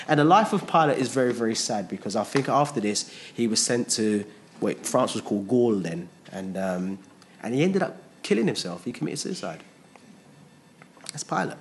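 A man preaching a sermon to a congregation, emphatic and fond of rhetorical questions, pushing his pitch up on key points. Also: sing-song, moderate pace, slight background noise.

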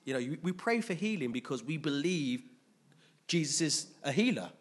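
A man's voice: on the high side, lively intonation, moderate pace. A man preaching a conversational sermon, often checking in with his listeners.

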